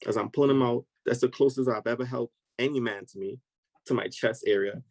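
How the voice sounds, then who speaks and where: A man recounts a story with real energy, jumping into the voices of the people in it. His voice sits at an ordinary middle pitch. The recording is close and dry, with no room sound around him. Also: brisk, a little mellow, no echo, rough recording. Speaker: podcast guest. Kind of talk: animated storytelling in conversation.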